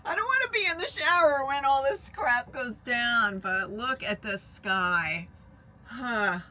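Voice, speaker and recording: A woman talking frankly to her camera in a casual travel vlog, recorded on a handheld phone in her truck at a highway rest area. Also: measured pace. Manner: frank, confiding, lively ups and downs. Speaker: vlogger traveling solo by truck camper. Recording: noisy with wind and vehicle sounds.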